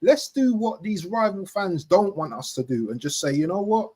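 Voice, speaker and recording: A man hosting a casual football podcast, talking with animated emphasis and repeating his points. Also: high voice, normal speed, husky. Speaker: podcast host.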